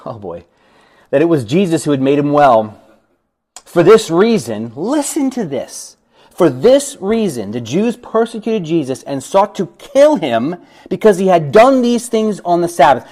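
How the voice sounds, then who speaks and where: A man teaching a Bible study with a fairly high voice. He reads a verse, then breaks into animated commentary, acting out little voices and laughing along the way.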